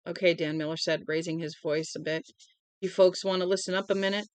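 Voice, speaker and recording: A woman reading a novel aloud in a plain, unhurried way, with small slips, into a close mic at home. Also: on the low side, dry recording. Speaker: audiobook reader.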